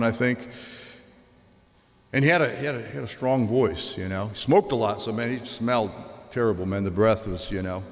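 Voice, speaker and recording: A man giving a conversational sermon, telling a personal story and asking the listeners direct questions. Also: mid-range voice. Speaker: preacher. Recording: long hall reverb.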